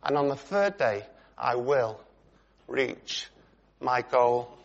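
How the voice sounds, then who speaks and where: A man's voice: mid-range voice, expressive, slow pace, vocal fry, muffled recording. A middle-aged man preaching a sermon in a conversational way, putting questions to his congregation.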